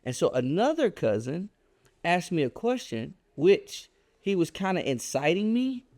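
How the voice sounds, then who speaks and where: A man telling a personal story on a podcast, animated and emphatic in a casual, colloquial way. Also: a little slow, no echo. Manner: animated, emphatic storyteller with a wide pitch swing; casual and colloquial, reflective when making his point.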